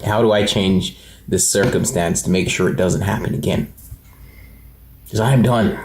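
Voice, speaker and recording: A man's voice: sits low, moderate pace, darkish tone, roomy sound, slight background noise. A man in his twenties talking earnestly in a personal vlog, rambling with many fillers and restarts. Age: 20s. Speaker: motivational channel host.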